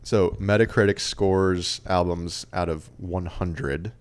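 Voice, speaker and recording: A man co-hosting a casual podcast, his voice sitting on the low side. He chats loosely and reads out facts and review quotes. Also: fairly even intonation, slow, smooth. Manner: chatty, reads out stats and quotes. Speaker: podcast co-host. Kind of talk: casual chat.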